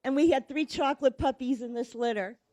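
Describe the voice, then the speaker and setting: A woman with a fairly high voice speaks at a graduation ceremony, laughing lightly between lines. The sound is dry, with little room echo. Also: fairly quick, mellow. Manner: cheerful, laughs between lines, reads a closing quote. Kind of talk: ceremony speech.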